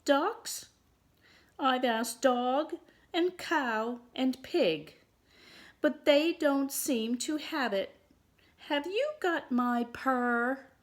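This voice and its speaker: A woman voicing a small, sad, determined kitten with a high, plaintive voice in a storybook reading. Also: very slow. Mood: pleading.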